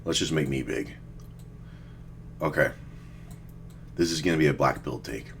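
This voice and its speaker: A man's voice: rumbling low, unhurried, vocal fry, slight background noise. A man doing a casual video reaction, blunt and crude, rambling with fillers.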